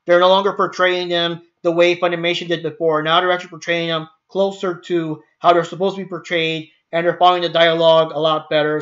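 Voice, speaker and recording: A man's voice: sits high, pushed and bright, dull audio. A man hosting his own channel, ranting casually on a livestream with lots of swearing, fillers and restarts. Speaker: channel host.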